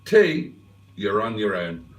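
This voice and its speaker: A man's voice: fairly low pitch, sing-song, takes it slowly, echoey room, far from the mic. A man hosting a live stream, chatting casually with viewers and rambling with fillers and asides. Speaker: livestream host. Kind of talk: casual live chat reading viewer comments.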